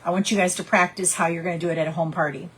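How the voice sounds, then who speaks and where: A woman's voice: lowish voice, fairly even intonation, racing, fairly bright tone, slight background noise, low-quality recording. A woman coaching her sales team in a casual, chatty talk, encouraging them and acting out little scenes. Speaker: direct sales team leader.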